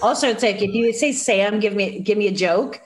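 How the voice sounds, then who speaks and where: A woman with a nasal Chicago accent, a guest in a casual chat, telling stories with lively acted-out quotes. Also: mid-range voice, brisk, a little hiss or hum. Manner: animated storyteller, acts out quoted voices.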